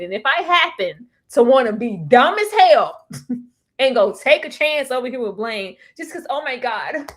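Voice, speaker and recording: Animated slangy woman host, higher voice. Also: a little slow. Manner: animated, slangy, laughs often. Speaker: livestream host. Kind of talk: casual chat.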